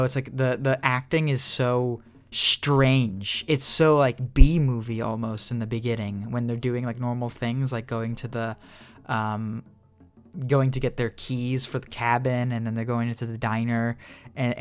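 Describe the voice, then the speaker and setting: A man's voice: mid-range voice, little pitch movement, a little slow, soft background music. A young man co-hosting a podcast, rambling in casual chat with lots of "like" fillers and casual swearing. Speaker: podcast co-host.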